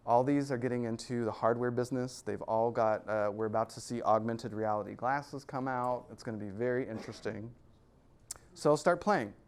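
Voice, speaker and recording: A man speaking at an investor club, giving an energetic presentation to a live audience and joking as he goes. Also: medium pitch, normal speed, clean tone. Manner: energetic and joking, laughs between points.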